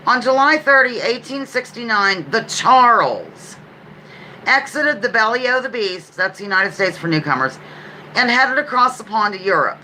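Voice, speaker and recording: A woman's voice: fairly high pitch, sharp tone, a little hiss or hum, low-quality recording. A woman hosting a casual live-stream trivia game, reading out questions and answers with playful asides. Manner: chatty, playful asides, reads questions aloud. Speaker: livestream trivia host.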